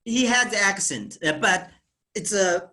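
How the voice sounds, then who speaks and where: A man's voice: high-pitched, animated, slow, sharp tone. A man whose first language is Chinese, a guest in an online discussion, speaking hesitantly with frequent fillers. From China. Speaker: guest entrepreneur.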